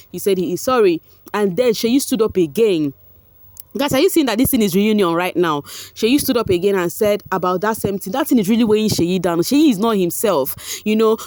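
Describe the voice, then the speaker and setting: A woman's voice: mid-range voice, no room sound. Chatty Nigerian woman recapping gossip. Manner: chatty, animated, laughs often, slips into Pidgin. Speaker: vlogger recapping a reality show. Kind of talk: casual commentary.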